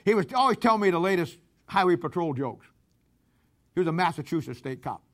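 A high-voiced pastor from Missouri, USA gives a folksy, joking sermon at a slightly fast pace. His storytelling swings between loud bursts and quiet asides, and he laughs at his own punchlines.

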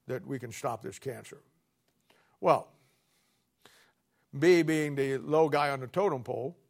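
Male preacher, slightly high voice, dry sarcastic wit. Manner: sarcastic, wry storytelling with folksy asides. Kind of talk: sermon with storytelling.

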